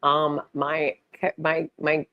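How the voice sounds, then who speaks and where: A woman's voice: deep voice, flat delivery, slow, lo-fi sound. A woman hosting a casual livestream fundraiser on a laptop mic, rambling with loose restarts and the odd swear. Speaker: live streamer hosting a fundraiser.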